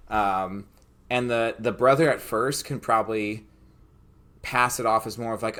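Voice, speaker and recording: A man's voice: on the low side, steady tone, a little slow, fairly bright tone. Rambling young male game master. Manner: rambling, filler-heavy, talks it out. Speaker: podcast co-host, game master. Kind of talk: casual chat.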